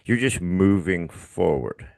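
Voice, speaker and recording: Deep-voiced, blunt podcast host man. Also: slow pace, vocal fry, no echo. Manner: blunt and profane, animated. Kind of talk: casual interview chat.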